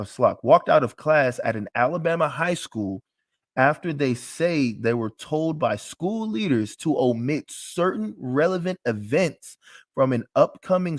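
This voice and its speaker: A man teaching a live class in a casual, emphatic, joking way, with frequent restarts. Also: medium pitch.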